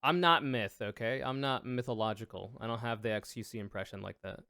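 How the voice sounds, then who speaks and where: A man's voice: mid-range voice, a little fast, few pauses, pushed and bright, dry recording. A man chatting casually on his livestream, rambling and joking at his own expense. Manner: rambling, self-mocking, jokey.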